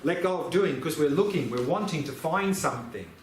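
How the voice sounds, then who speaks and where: A man's voice: a little high, animated, a little fast. Man, meditation teacher, patient, repetitive, echoey room, faint hum. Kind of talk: dharma teaching Q&A.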